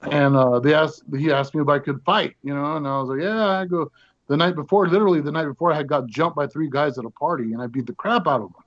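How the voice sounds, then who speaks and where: A man with a fairly high voice tells a story as a guest on a show, lively and animated, jumping into other people's voices as he goes. The audio is dull and lo-fi. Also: fast, no room sound. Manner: animated, acts out the other people in his stories. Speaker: guest actor. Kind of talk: casual storytelling.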